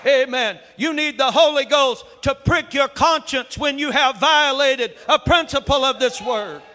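A man preaching a sermon with fervor, his voice building up to shouts. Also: extremely high pitch, a little slow. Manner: fervent, rising to shouts. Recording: echoey hall with long reverb.

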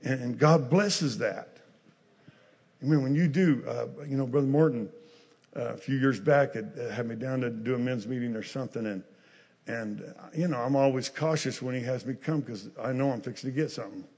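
A man preaching a storytelling sermon who goes from shouted lines to quiet, chatty asides. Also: medium pitch, moderate pace, husky. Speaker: pastor. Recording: hall reverb.

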